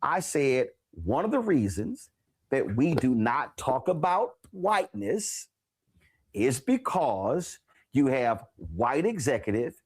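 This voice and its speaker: Brief: US male host, very expressive pitch, retells scenes with voices. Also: slow, slightly rough. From United States. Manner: animated storyteller, acts out remembered exchanges. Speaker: talk show host. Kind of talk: interview.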